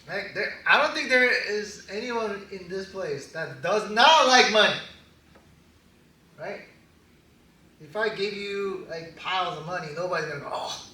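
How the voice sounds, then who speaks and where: Animated joking pastor in an echoey hall. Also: male voice, high voice. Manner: animated, laughing, joking asides. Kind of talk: casual sermon. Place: church hall. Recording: echoey hall, distant mic.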